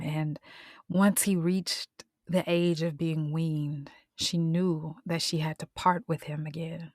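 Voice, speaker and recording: Woman telling a bible story casually, lowish voice, dry close mic, slips into whispers. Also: slow pace, no room sound. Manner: expressive, drops into whispers and voices. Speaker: podcast host and storyteller.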